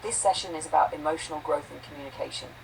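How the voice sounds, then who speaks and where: A woman's voice: deep voice, steady tone, fast, creaky, distant mic, slight background noise, low-quality recording. Synthetic woman reading a tiny pompous robot therapist. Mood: stiff clinical. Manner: stiff and clinical.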